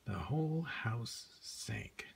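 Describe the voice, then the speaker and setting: A man in a Santa persona reading a children's picture book aloud, soft and often half-whispered. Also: mid-range voice, big pitch swings, very slow, creaky. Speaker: storyteller playing Santa.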